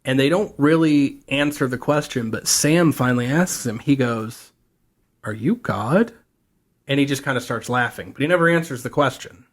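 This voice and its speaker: A man's voice: medium pitch, moderate pace. A man co-hosting a podcast in casual chat, telling a TV plot at length and acting out the characters' lines as he goes. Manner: rambling storyteller, acts out characters' quotes. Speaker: podcast co-host.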